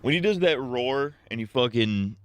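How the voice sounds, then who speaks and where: A man's voice: medium pitch, expressive, normal speed, slight background noise. A man streaming a game with casual, rambling commentary, crude and laughing at his own jokes.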